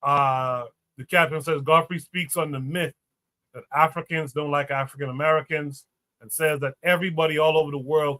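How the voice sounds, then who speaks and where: A man's voice: mid-range voice, pushed and bright, no echo. A male podcast host in a casual livestream chat, loose and thinking aloud as he reads out a post.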